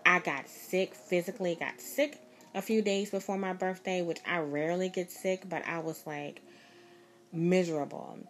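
Woman, low voice, casual rambling storyteller, emphatic and repetitive, close mic. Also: steady tone, moderate pace, fairly bright tone, slight background noise. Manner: rambling, emphatic, repeats herself. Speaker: vlogger.

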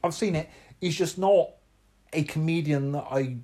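A man's voice: a little high, moderate pace, warm tone. A man chatting casually as co-host, rambling and searching for words as he talks. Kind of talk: casual chat.

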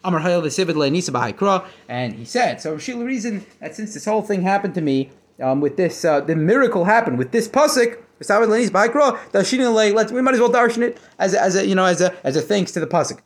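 Fast-talking man teaching Talmud. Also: high voice. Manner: animated storytelling with many restarts and self-corrections. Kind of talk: casual Talmud lesson, reading and translating.

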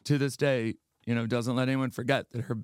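Brief: man from Maryland, casual podcast guest, lively storyteller, dry close sound. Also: medium pitch, a little fast, smooth, dry recording. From Garrett County, Maryland. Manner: animated storyteller, acts out quoted voices. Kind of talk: casual chat.

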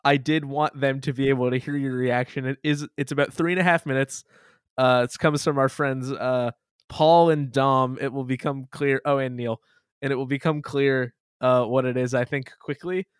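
A man's voice: mid-range voice, fairly even intonation, normal speed, clear, resonant tone, no room sound, studio quality. A man hosting a podcast, setting up a clip with hedging, filler-heavy talk. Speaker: podcast host. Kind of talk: casual chat.

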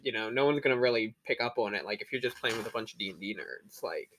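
A man's voice: lowish voice, expressive, quick pace, a bit bright, a little hiss or hum. A young man co-hosting a podcast, chatting casually with slang and swearing, laughing at his own stories. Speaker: podcast co-host. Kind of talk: casual chat.

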